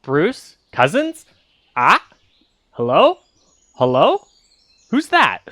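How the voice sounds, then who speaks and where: A man's voice: on the high side, huge pitch swings, pushed and bright, no room sound, clean studio sound, exaggerated voice. A man doing a giant beast parroting voices. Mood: eerie mimicry. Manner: halting, questioning mimicry. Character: huge tiger-mantis beast parroting human voices.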